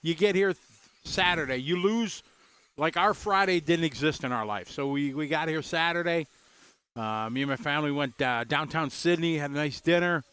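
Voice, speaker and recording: Chatty man with a smooth, higher voice. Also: moderate pace, fairly bright tone, no room sound. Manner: chatty, greets viewers by name, loose and rambling. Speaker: race commentator and driver. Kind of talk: casual live race commentary.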